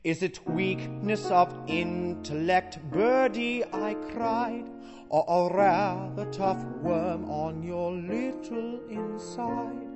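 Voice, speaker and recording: A woman playing a timid, lovesick comic man in an operetta, pleading floridly and singing a slow doleful song. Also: medium pitch, natural voice. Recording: long hall reverb, guitar accompaniment.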